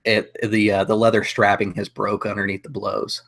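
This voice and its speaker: A man playing a tabletop game, describing his character's attacks in a measured way with frequent fillers. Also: fairly low pitch, little pitch movement, fairly bright tone. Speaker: player.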